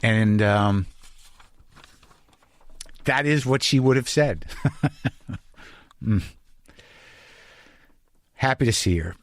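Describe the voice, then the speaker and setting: A man's voice: on the low side, animated, drawn-out words, long pauses, dry recording. A man hosting a podcast, talking candidly and reflectively, often restarting his sentences. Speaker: podcast host. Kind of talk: casual conversational monologue and interview.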